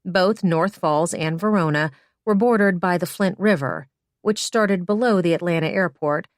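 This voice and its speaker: A woman narrates a story in a lower-than-usual voice. She reads plainly and gives the characters light voices of their own. The sound is close and dry, with no room in it. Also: dry recording. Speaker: audiobook narrator. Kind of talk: scripted narration.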